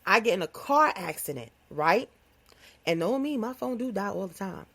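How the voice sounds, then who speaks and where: A woman hosting her own podcast, talking in a playful, animated, casual comedic monologue with phrasing. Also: mid-range voice, normal speed. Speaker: podcast host.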